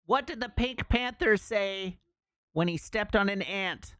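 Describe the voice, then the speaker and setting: A man's voice: high voice, measured pace, sharp tone, clear, resonant tone, no room sound, clean studio sound. A man streaming a video game from his home setup, casually chatting and telling cheesy pun jokes into a desk microphone. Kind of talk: casual live-stream chat.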